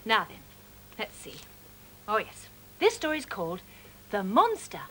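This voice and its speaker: A woman's voice: mid-range voice, huge pitch swings, a little slow, a bit bright, slight background noise, rough recording. A woman presenting a children's show, reading a storybook aloud expressively.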